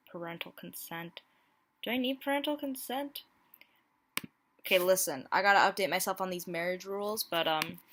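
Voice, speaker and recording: A young woman talks to camera in a casual vlog, reading dating-app messages and teasing herself about them. Her voice is bright and forward, at an ordinary middle pitch. She comes across as playful and a little self-mocking. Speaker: YouTuber. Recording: home mic, plain audio quality.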